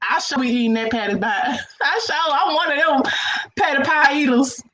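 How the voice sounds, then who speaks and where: In an echoey room with faint background noise, a woman with a high, bright, forceful voice speaks at a normal speed. She's hosting a casual reaction chat, talking to viewers, laughing often, and repeating herself.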